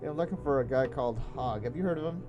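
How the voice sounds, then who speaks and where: A young man playing a story game, casually commenting and reading dialogue aloud, often halting. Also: mid-range voice, dull audio, music in the background. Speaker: gaming YouTuber.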